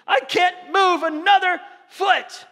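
A man voicing a panicky little boy stuck on a hike, pleading in a shrill shout. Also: slow, big-room sound, exaggerated voice. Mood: panicked.

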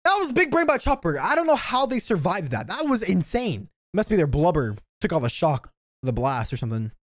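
A woman hosting an anime reaction channel, commenting live with excitable shouts, laughter, slang and lots of swearing. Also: lowish voice, fairly quick, dry recording, clean studio sound.

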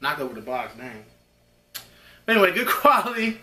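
A man hosting an unboxing video, rambling excitably and talking straight to his viewers. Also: fairly high pitch, normal speed, echoey room, noisy background. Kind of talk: casual unboxing chat.

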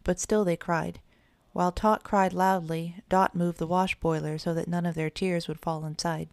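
Low gravelly woman narrator. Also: steady tone, a little mellow, no echo, clean studio sound. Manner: measured storytelling. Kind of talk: children's audiobook narration.

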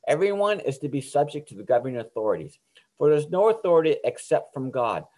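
A man's voice: fairly high pitch, big pitch swings, quick pace, darkish tone. Earnest man teaching a youth Bible lesson. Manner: earnest, informal, frequent "okay?" checks and restarts. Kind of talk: recorded Bible lesson for teens.

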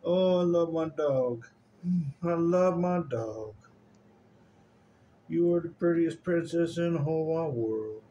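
A man's voice: a little high, takes it slowly, pauses often, dark tone, lo-fi sound, slight background noise. A man talking affectionately to his dog in a home video, using doting baby talk and laughing often. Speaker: dog owner filming his dog.

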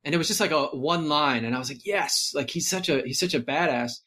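A man talking casually on a podcast, rambling and animated, full of fillers and restarts. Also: fairly high pitch, fast. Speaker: podcast guest. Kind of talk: casual movie discussion.

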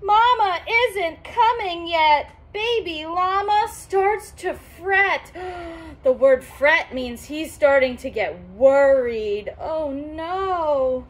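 A woman reads a children's storybook aloud, her voice very high and swooping through a wide, lively range. She takes her time, half-singing the rhymes. She stops now and then to explain words to young listeners like a patient teacher. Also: extremely slow. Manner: sing-song, expressive, teacherly.

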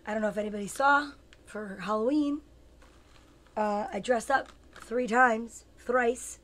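A fairly high, slightly bright female voice at a measured pace belongs to a comedian in her fifties who hosts her own show. She chats with viewers by name in a casual comic live chat, rambling, playful and quick to mock herself.

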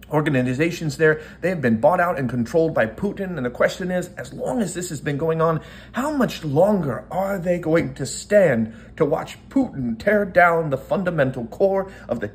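A man's voice: fairly high pitch, a little hiss or hum. A man from the United States giving impassioned political commentary as an online commentator, earnest and rousing, piling up repeated phrases.

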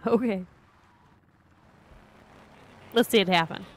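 A woman's voice: medium pitch, moderate pace. Teasing, foul-mouthed female co-host. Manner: teasing, swears freely. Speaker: co-host watching the game. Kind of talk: casual gameplay chat.

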